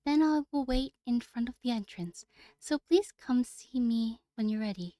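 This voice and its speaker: A woman voicing a gentle, teasing senpai girl. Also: on the high side, moderate pace, no room sound, clean studio sound, voice pushed up, natural voice. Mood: calm teasing.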